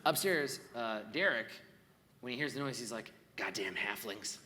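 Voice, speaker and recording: A man running a live improvised tabletop game as game master, narrating in a chatty, halting way on a convention stage. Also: medium pitch, animated. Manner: chatty, halting, many fillers and restarts. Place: stage at a large convention hall. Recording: live hall reverb, faint crowd ambience.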